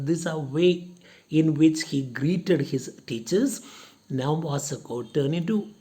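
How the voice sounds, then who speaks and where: A lecturer with a warm, mid-range voice explains a play to students. Speaking slowly, they go over each point again and again, using strings of synonyms.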